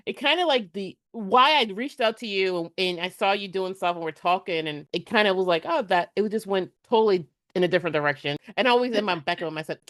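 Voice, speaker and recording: A woman's voice: medium pitch, fast talker, few pauses, a bit bright, dry recording. A woman business coach chats casually, laughing often and slipping into quoted voices as she retells what was said. The sound is dry and close. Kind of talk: casual conversation.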